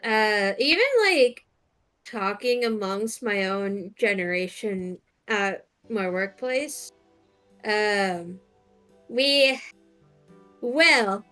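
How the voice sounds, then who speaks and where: A woman in her thirties, chatting casually while streaming a game and telling an unhurried story. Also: medium pitch, sharp tone, faint music behind. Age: 30s.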